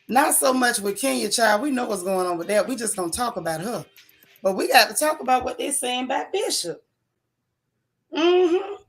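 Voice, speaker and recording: A woman with a fairly high voice hosts a casual live stream, chatting loosely and greeting viewers one by one. She talks in a relaxed, friendly run of "y'all" and "child", with soft music faint behind her. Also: creaky. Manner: chatty, Southern-tinged African American vernacular, frequent "child" and "y'all". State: out of breath. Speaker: live-stream gossip host.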